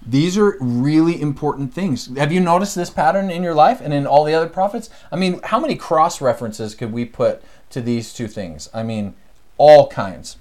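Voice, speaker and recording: A man leading a casual scripture study lesson, animated and acting out the voices he quotes. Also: on the high side, normal speed.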